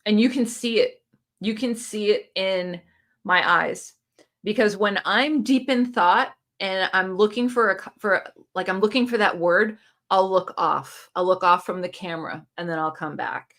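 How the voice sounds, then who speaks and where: A woman's voice: medium pitch, a little slow, fairly bright tone. Woman doing a casual live stream on her phone, reads out comments and answers them, upbeat coaching vibe. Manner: encouraging, coaching tone. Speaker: booktube channel host. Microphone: phone camera.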